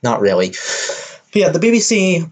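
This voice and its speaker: A woman's voice: lowish voice, sing-song, normal speed, a little mellow, slightly rough. A young woman hosting a casual podcast from her bedroom on a stand mic with a pop filter, rambling and self-deprecating. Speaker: podcast host. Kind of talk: casual chat. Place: her bedroom, home setup. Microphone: stand-mounted mic with pop filter.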